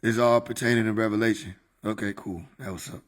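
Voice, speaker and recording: A man's voice: fairly low pitch, fairly even intonation, fairly quick. A man casually chatting on a livestream into a desk microphone, joking, swearing and laughing often. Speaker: streamer.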